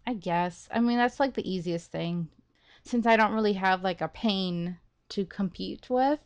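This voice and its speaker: A woman hosting a game playthrough, talking excitedly and rambling as she thinks aloud, laughing often. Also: medium pitch, unhurried, smooth. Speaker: let's play host. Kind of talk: gaming commentary.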